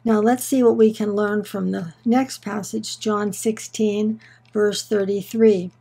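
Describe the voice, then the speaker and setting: A woman giving a scripted Bible lesson in a measured, earnest way, slowing down on key words for emphasis. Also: mid-range voice, steady tone, vocal fry, mellow, husky, poor audio. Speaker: Bible teacher. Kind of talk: scripted teaching narration.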